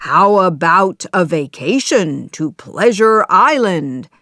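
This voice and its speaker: A woman voicing a sly, smooth-talking fox swindler with a coaxing salesman tone in a children's story. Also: lowish voice, big pitch swings, slow pace, a bit bright, no room sound, studio quality, full character voice.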